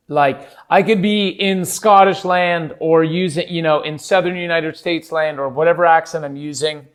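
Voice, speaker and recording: A Canadian man in his thirties hosts a casual solo podcast. He rambles along, self-deprecating, with a voice that sits a little high. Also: fairly even intonation, moderate pace, few pauses, clear, resonant tone. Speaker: podcast host.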